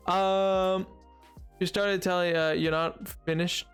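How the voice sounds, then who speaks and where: A man's voice: sits high, little pitch movement, slow, a bit bright, smooth, soft background music. A young man streaming a game, chatting casually with chat in a rambling, self-deprecating way with playful bits. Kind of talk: casual chat while gaming, reading chat aloud.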